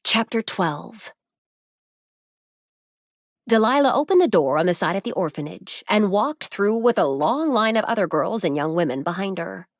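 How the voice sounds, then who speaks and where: An audiobook is narrated by a woman whose voice is mid-range, her delivery measured and even. There's no room sound, and the quality is studio grade.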